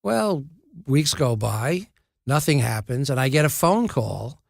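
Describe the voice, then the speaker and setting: Older guy in his 70s, gravelly voice, dry close mic, telling funny self-deprecating stories with lots of restarts. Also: mid-range voice, sing-song, measured pace, dry recording. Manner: wry, self-deprecating storyteller with frequent restarts. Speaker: actor, podcast guest. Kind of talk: casual anecdotal storytelling.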